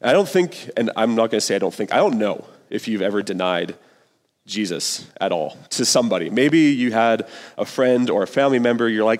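A man's voice: on the low side, animated, brisk, long reverb tail. A male pastor giving a sermon in an earnest, conversational way, full of casual slang.

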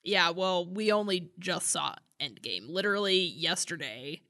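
A woman co-host with a bright, tense edge to her voice, swinging widely in pitch as she chats and laughs with friends. Her voice is close and dry on the mic, with no room sound around it. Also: animated, a little slow, no echo. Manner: chatty, laughs often. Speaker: podcast co-host. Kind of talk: casual chat.

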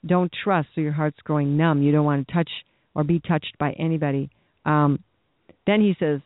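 A man's voice: fairly high pitch, moderate pace, no room sound. A man preaching a sermon in a blunt, impassioned, exhorting way. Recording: tinny phone-like dry sound.

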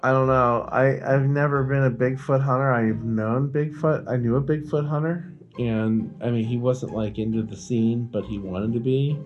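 A man's voice: medium pitch, steady tone, normal speed, few pauses, dull audio. Dry, sarcastic male podcast co-host. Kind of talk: casual chat.

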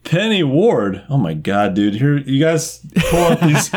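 A man narrating as game master of a tabletop game, animated and quick to laugh. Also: medium pitch, slightly rough.

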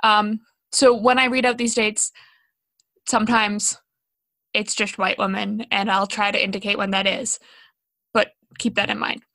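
A woman's voice: medium pitch, little pitch movement, measured pace, gravelly, sharp tone, dry recording. A young woman co-hosting a casual educational podcast, chatty and self-deprecating, with plenty of ums and likes. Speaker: podcast co-host.

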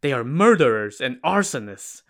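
A man voicing starving, frightened old monks who plead in a soft, tired way. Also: mid-range voice, big pitch swings, moderate pace. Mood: urgent. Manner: pleading, weary.

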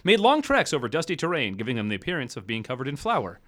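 A man's voice: mid-range voice, very animated, fast talker, fairly bright tone. A man in comedic podcast banter, teasing and giggling, sometimes reading aloud.

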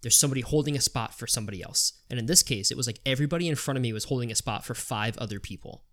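Podcast host, male, casual storyteller, lively quoting of others. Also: mid-range voice, rapid-fire. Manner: animated retelling with quoted voices, swearing.

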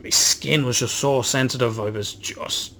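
A man co-hosting a podcast, spinning a rambling tale about his own bad luck and swearing constantly as he goes. His voice sits at a middling pitch, and a faint noise hangs behind it. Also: steady tone, unhurried, pushed and bright. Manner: swears constantly, storytelling, self-deprecating. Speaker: podcast co-host. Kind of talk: casual chat.

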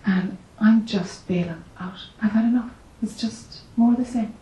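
A woman voicing a tired old male frog in a spoken parable, resigned and low-key. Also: normal speed, mellow, recorded from a distance, close to an everyday voice. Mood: weary. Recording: echoey room, faint noise.

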